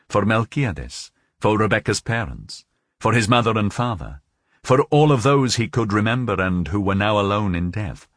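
A man narrating a novel as an audiobook, in a measured, expressive storytelling manner. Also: on the low side, no room sound, clean studio sound.

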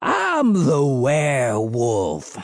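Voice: mid-range voice, huge pitch swings, very slow, no echo, studio quality, full character voice. A reader voicing a wild-eyed male swamp hermit who shrieks and laughs manically in an audiobook. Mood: manic shrieking. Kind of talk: audiobook character voice.

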